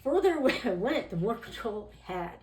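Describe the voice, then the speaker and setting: A woman's voice: a little high, sing-song, a little fast, over a noisy crowd. A woman guest on a podcast interview telling her own story in a candid, rambling way, full of "you know" and "like," and often acting out the voices of people she quotes. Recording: roomy echo.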